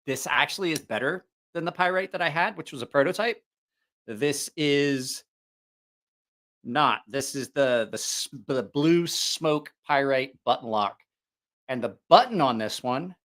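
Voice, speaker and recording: Middle-aged male livestream host, bright, crisp tone, casual and rambling. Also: medium pitch. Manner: rambling, with many fillers and restarts. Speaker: knife channel host.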